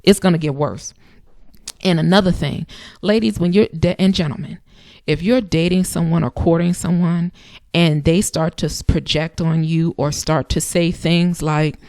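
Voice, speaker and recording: Woman host, thirties, low-pitched and chatty, emphatic repeats, dry close-mic sound. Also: steady tone, moderate pace, a little mellow, no echo. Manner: emphatic, conversational, with repeated phrases. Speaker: channel host. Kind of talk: casual advice talk.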